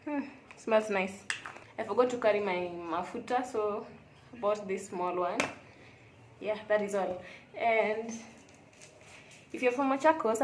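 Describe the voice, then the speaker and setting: Young woman, candid vlogger chatting alone in a roomy-sounding hotel room, mid pitch. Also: measured pace, long pauses, slight background noise. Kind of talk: casual confessional vlog chat.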